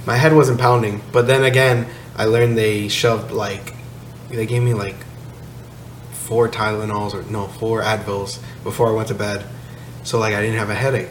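A man's voice: fairly low pitch, flat delivery, moderate pace, crowd noise. A man casually telling a story on a podcast, laid-back and swearing, laughing as he goes. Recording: echoey room, slight noise.

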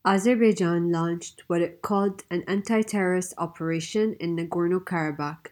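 A woman hosting a policy podcast, reading a measured, formal introduction and asking interview questions. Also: on the low side, a little mellow. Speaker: podcast host.

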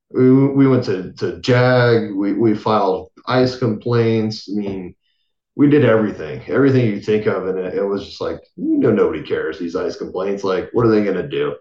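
A man, a military veteran, telling a long personal story in a casual podcast interview, acting out what others said and often trailing off quietly. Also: lowish voice, echoey room, dull audio. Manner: casual, acts out quoted voices, trails off softly.

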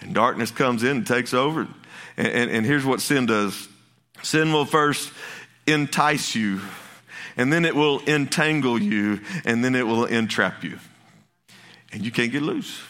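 A man's voice: medium pitch, lively intonation, normal speed, fairly bright tone. A man, preaching a passionate sermon as pastor, with folksy asides and many restarts.

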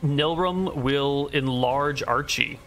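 Bright-voiced man running a tabletop game. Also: mid-range voice, faint music behind. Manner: measured, descriptive narration. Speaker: game master.

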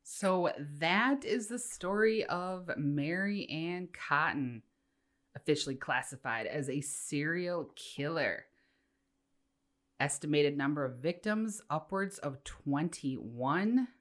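A woman's voice: low voice, slow. An American woman co-hosting a podcast, telling a true-crime story in casual, laughing chat. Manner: laughs often, lively storyteller. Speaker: podcast co-host.

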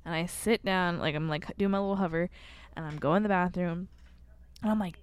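Smooth-voiced young woman rambling. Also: on the low side, a little fast, no echo. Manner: rambling storyteller, heavy use of "like". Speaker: podcast co-host. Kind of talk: casual chat.

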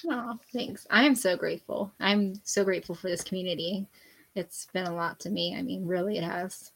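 A woman's voice: fairly low pitch, fairly even intonation, normal speed, gravelly, a bit bright, low-quality recording. A woman in her forties, a guest on a faith podcast, speaking candidly in a casual, rambling way and often laughing mid-story.

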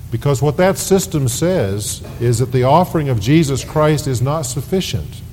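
A man preaching a sermon as pastor, slow and deliberate, leaning hard on key words. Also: expressive, darkish tone. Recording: 1990s sermon tape with long reverb and faint rumble.

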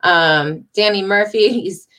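A woman hosts a live stream show, chatting casually, reading out viewer comments and laughing often. Her medium-pitched voice is slow, pushed and bright.

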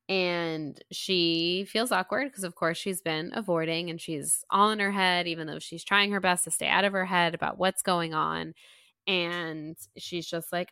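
Low-voiced chatty woman podcaster. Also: fairly even intonation, measured pace, pushed and bright, clear, resonant tone, no echo, studio quality. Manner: chatty retelling of the chapter, peppered with "like". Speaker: book club podcast co-host. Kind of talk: casual chat.

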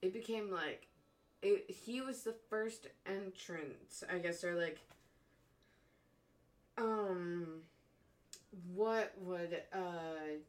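A young woman co-hosting a casual chat, animated, laughing often and swearing constantly. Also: on the low side, drawn-out words, long pauses. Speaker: podcast co-host.

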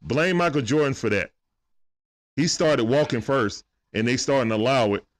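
A man with a mid-range voice and moderate pace provides animated, casual basketball commentary on a live stream. He greets the chat between plays and occasionally turns to speak with his son.

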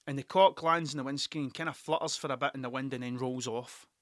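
A man's voice: mid-range voice, fairly even intonation, brisk, a bit bright, dry recording, studio quality. A man hosting a podcast, telling stories in a rambling, sweary style and laughing along. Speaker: podcast host. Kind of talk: casual storytelling monologue.

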